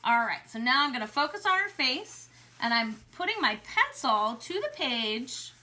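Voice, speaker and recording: A woman art teacher talks students through a casual drawing lesson. Her high, bright voice stays chatty and upbeat, softening now and then to a gentle coo. She records from a home basement studio. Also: very animated, moderate pace. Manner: chatty and upbeat, drops to a soft coo when speaking to the animal.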